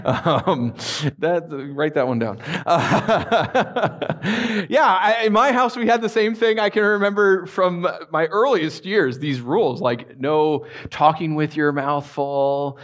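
A man's voice: a little high, takes it slowly. A man preaching a sermon to a live congregation, telling stories in a playful way and asking his listeners questions. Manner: animated, playful storytelling with audience questions. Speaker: pastor.

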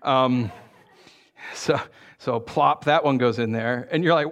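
A man's voice: medium pitch, unhurried, muffled recording. A man preaching a sermon as pastor, telling jokey stories and asking the congregation questions. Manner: animated, joking storyteller who asks the congregation questions. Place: church.

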